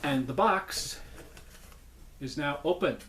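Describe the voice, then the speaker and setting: A man hosts a casual unboxing vlog as a puppet collector, rambling enthusiastically and often correcting himself. His voice is fairly high with lively intonation, slow pace, and a fairly bright tone, with a little hiss or hum in the recording.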